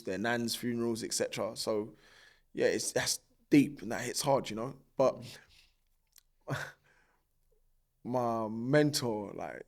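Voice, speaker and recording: A man, a podcast guest telling his story in loose, slangy talk and acting out the dialogue he quotes. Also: mid-range voice. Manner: animated, acts out quoted dialogue with a raised voice; loose, filler-heavy street slang.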